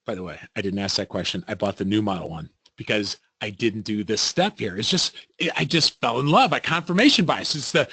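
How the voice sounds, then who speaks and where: A middle-aged man presenting a webinar in a lively, storytelling way, acting out the voices of people he quotes. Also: a little high, husky, no room sound. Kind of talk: interactive webinar talk.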